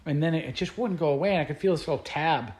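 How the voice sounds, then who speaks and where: A man's voice: fairly high pitch, rapid-fire, darkish tone, roomy sound. A man who is a guest musician, telling stories in a casual interview, rambling along with many fillers and restarts.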